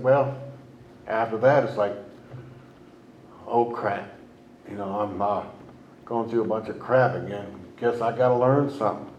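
A man's voice: fairly low pitch, roomy sound, a little hiss or hum, low-quality recording. Man sharing his recovery story, rambling. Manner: rambling, halting, with many restarts and fillers. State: emotional at times. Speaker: recovery meeting speaker. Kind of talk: personal testimony.

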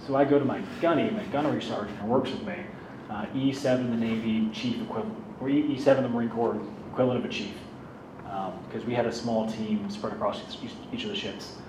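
Guy telling his own story, joking at himself, mic kinda far off, clear background noise. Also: medium pitch, fast talker, roomy sound. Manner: candid, self-deprecating, conversational. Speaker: speaker sharing his recovery story. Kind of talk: personal storytelling talk.

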